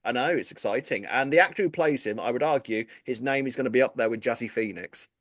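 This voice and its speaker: A man's voice: mid-range voice, fast, a bit bright, dry recording, studio quality. A man co-hosting a soap podcast, talking casually with lots of fillers and asides. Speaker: podcast co-host. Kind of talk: casual chat about a soap.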